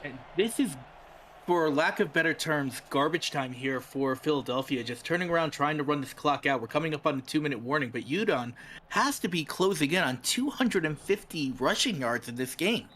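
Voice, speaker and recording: A man's voice: a little high, animated, moderate pace, fairly bright tone, a little hiss or hum. A man with a New York accent giving analytical color commentary on a football game, breaking down stats and plays.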